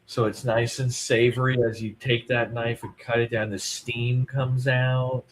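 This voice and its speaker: A man's voice: mid-range voice, little pitch movement, measured pace. A man who is a guest on a casual morning live show, teasing and laughing a lot. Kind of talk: casual live-stream chat.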